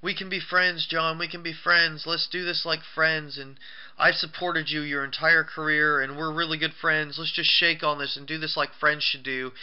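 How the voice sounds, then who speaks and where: A man doing a high, strained impression of a whiny male announcer begging for mercy. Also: level tone, normal speed, clean tone, highs cut off, lightly acted. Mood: pleading.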